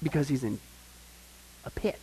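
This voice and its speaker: A man preaching a sermon to a group, animated, often asking his listeners questions and acting out the people he quotes. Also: medium pitch, moderate pace, a little hiss or hum, low-quality recording. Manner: animated, acts out quoted voices, asks the audience questions. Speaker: pastor teaching a Bible study.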